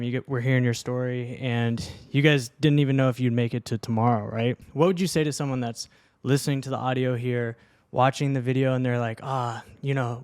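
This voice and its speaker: Smooth-voiced man asking a question. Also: mid-range voice, a little mellow, no room sound. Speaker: interviewer. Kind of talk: interview question.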